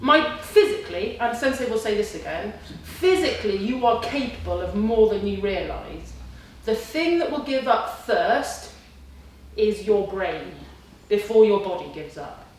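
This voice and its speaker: A woman's voice: medium pitch, unhurried, a little hiss or hum. Woman talking in an echoey hall. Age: 40s. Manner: storytelling, animated, acts out her own inner voice. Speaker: kickboxing student giving a talk. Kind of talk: speech to a class. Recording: distant and very echoey with faint ambience.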